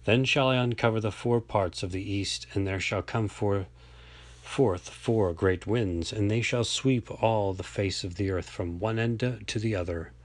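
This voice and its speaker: A man reading an old religious text aloud in a slow, measured, solemn way, now and then stumbling over a word. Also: fairly low pitch, dry recording. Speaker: reader.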